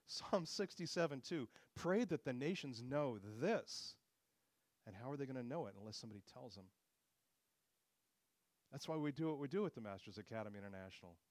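A man delivers a sermon in an earnest, teaching manner, his voice lifting as he quotes scripture. His pitch sits in the ordinary middle range for a man. The sound is dry and close, with almost no room around it. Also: no room sound. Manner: earnest expository preaching, rising on quoted scripture. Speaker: preacher.

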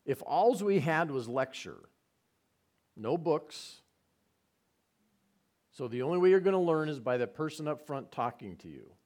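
A man's voice: fairly high pitch, very animated, a little slow, pauses often, a little mellow. A man preaching a conversational sermon, retelling scenes with repetition and side remarks. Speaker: pastor.

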